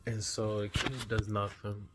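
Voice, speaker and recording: A man who has just woken up, earnestly retelling a dream in a vlog with an animated manner. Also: lowish voice, a little slow, noisy background. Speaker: vlogger. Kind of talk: recounting a dream.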